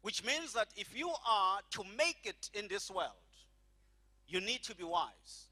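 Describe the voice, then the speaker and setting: A middle-aged man preaching a sermon as pastor, slowing and stretching key phrases and having the congregation repeat after him. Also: high-pitched, big pitch swings, sharp tone.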